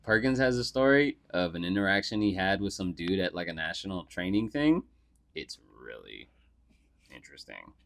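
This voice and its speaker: A man's voice: deep voice, sing-song, normal speed, creaky, fairly bright tone. Casual young man co-hosting a podcast. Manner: loose and profane, full of "like" fillers. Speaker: podcast co-host. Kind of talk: casual storytelling chat.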